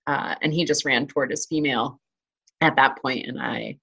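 A woman's voice: rumbling low, fairly even intonation, normal speed, gravelly, pushed and bright, husky. A woman talking casually in an interview about hiking and trail running, chatty, with many fillers and restarts. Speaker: interview guest, hiker and trail runner.

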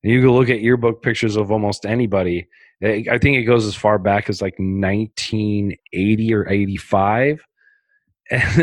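A man's voice: lowish voice, dry recording. Rambling man telling stories, dry sound. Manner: rambling storytelling with frequent fillers; darkly humorous, animated. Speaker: guest. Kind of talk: casual podcast conversation.

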